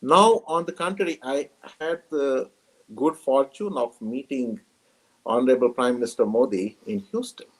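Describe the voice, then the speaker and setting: A man's voice: medium pitch, expressive, normal speed, rough recording. A man speaking earnestly and formally as a conference panelist, adding to a discussion over a video call.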